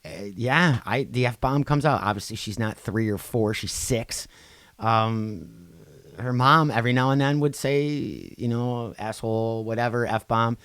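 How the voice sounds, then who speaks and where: A man co-hosting a podcast in casual chat, getting loud and animated when he tells a story, then dropping low. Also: measured pace, no room sound. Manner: animated, swings loud for quoted outbursts, then drops low. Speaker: podcast co-host.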